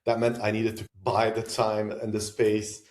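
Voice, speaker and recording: A man from Lebanon with a low, warm, mellow voice answers a podcast host's questions in a relaxed, reflective way. He thinks aloud, adds asides and restarts his sentences. The room around him is noticeably roomy and echoey. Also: normal speed. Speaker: podcast guest, venture investor. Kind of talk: conversational interview answers. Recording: roomy echo.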